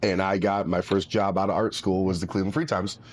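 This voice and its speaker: A man's voice: low voice, little pitch movement, a little hiss or hum. A man in his forties, a podcast co-host, telling a long anecdote in casual chat. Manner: drawn-out anecdotes with acted-out quotes.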